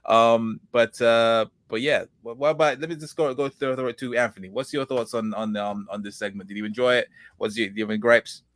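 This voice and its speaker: A man's voice: medium pitch, steady tone, brisk, a bit bright, dry recording. A man co-hosting a casual wrestling podcast, rambling with lots of fillers and restarts and greeting viewers in the comments. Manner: reads viewer comments aloud. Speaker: podcast co-host.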